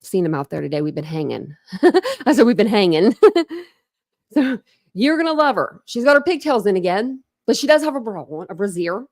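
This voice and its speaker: A woman's voice: medium pitch, big pitch swings, moderate pace, no echo. A woman rambles through her true crime commentary in a chatty, teasing way. Her voice sits in a middle range, and the sound is close and dry, with almost no room around it. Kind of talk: casual reaction commentary.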